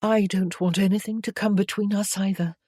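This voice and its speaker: A woman voicing a young lady in love in a period romance, soft and earnest, a little higher than her narration. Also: fairly even intonation, fairly quick, no room sound, studio quality, close to an everyday voice. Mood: tender.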